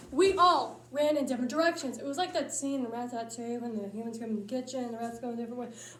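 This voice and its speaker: A woman with a high voice delivers a comedic monologue in punchy, lively storytelling. The sound carries a roomy echo from the space she's in. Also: quick pace, hardly any pauses, a little hiss or hum. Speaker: speech tournament competitor.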